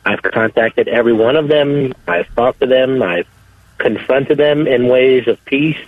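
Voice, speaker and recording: Male caller with a mid-range voice on a thin phone line, earnest and halting. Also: medium pitch, no room sound. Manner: earnest, halting, many restarts. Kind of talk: call-in radio testimony. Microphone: telephone. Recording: dry tinny phone line.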